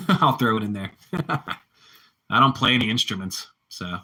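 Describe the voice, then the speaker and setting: Middle-aged male vlogger, very bright tone, rambling casual chat, repeats lines. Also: lowish voice, a little slow, slightly rough. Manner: rambling, repeats himself, self-mocking.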